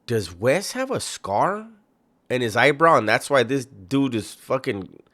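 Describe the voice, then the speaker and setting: A man's voice: medium pitch, very animated, unhurried, a bit bright. A man hosting a reaction video, talking casually with a mocking, incredulous tone and heavy swearing. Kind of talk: casual profane reaction commentary.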